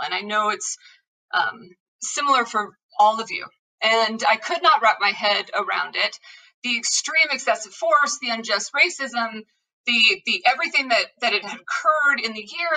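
A woman host opens her show with a heartfelt, impassioned monologue. Her voice is high and bright. She sits somewhat back from the microphone. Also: distant mic, low-quality recording. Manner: earnest and impassioned, repeats calls to action. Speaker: podcast host.

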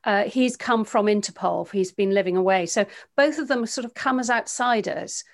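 A woman interviewer who asks an author measured, inquisitive questions. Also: mid-range voice.

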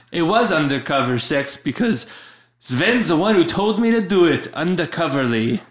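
A flustered man in an improvised comedy bit who giggles and rambles, his voice slightly high. He is recorded in an echoey room with clear background hiss. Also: sing-song, a little slow. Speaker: comedy podcast co-host playing a guest.

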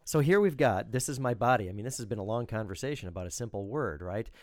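Low-voiced pastor explaining scripture. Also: male voice, lively intonation, quick pace, no room sound, clean studio sound. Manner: explanatory, lecturing, emphatic. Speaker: pastor, co-host. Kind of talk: theological discussion.

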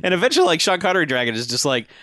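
A man's voice: a little high, very fast, dry recording, clean studio sound. A man chatting casually as a podcast co-host, laughing often and acting out lines from a film. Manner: animated, laughs often, acts out quotes. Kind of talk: casual movie recap chat.

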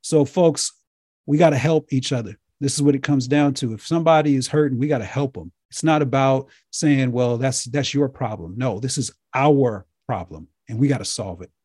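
A man giving an impassioned lecture-style talk to viewers, emphatic and repetitive, his voice getting hoarse. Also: medium pitch, normal speed, darkish tone, no echo, clean studio sound. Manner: emphatic, preachy, repeats himself. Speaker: speaker addressing viewers.

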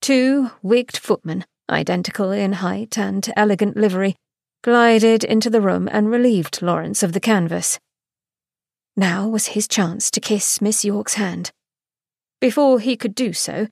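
A woman giving a scripted, expressive narration of a romance novel excerpt. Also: mid-range voice, gravelly, no room sound, clean studio sound. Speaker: podcast host reading a novel excerpt.

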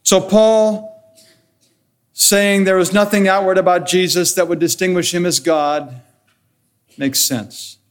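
Male pastor, slightly higher voice, earnest and measured sermon delivery. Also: steady tone. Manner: earnest, measured preaching with rhetorical questions and enumerated points.

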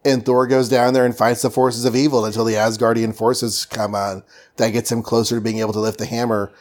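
A man's voice: medium pitch, little pitch movement, a little fast. A man co-hosting a casual podcast chat, hesitant with fillers and dry asides. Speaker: podcast co-host. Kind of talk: casual chat about comics.

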